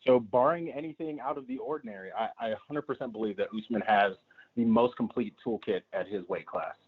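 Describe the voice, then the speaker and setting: A man's voice: on the low side, a little fast, breathy edge. A man calling in as a co-host over the phone, with an easygoing, dryly joking way of talking. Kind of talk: phone-in sports chat. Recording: tinny phone line.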